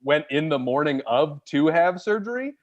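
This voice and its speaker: A man's voice: a little high, moderate pace, lo-fi sound. A man, a stand-up comedian, telling a funny personal story in casual, jokey chat. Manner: animated, jokey, acts out voices of others.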